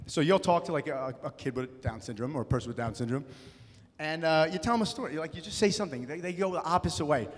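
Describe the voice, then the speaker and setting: A young man doing a stand-up comedy set, loud and punchy, slipping into acted-out voices. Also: on the high side, lively intonation, fast talker. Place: comedy club stage. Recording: live room with long reverb.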